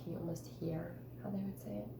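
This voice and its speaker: A woman's voice: fairly low pitch, flat delivery, quick pace, creaky, background noise. Encouraging woman teacher in a roomy space. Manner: encouraging, patient, coaxing questions. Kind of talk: one-on-one writing conference with a student. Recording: roomy echo.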